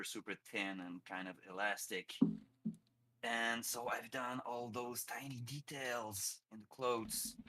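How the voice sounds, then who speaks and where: A man from Quebec with a French-Canadian accent, chatting casually on a live stream while he works, laughing often and pausing between phrases. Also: medium pitch, pushed and bright.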